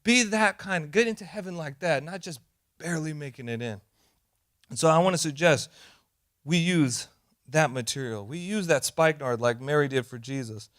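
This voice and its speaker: A man pastor preaching a sermon, animated and emphatic, sometimes acting out quoted voices. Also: a little high, moderate pace.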